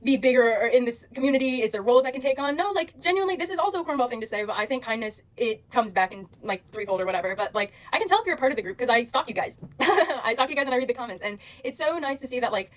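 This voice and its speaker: Fast, rambling young woman pleading earnestly. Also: fairly high pitch, animated, rough recording. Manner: rambling and earnest, heavy on fillers. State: emotional. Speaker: social media creator. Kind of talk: direct-to-camera address to followers.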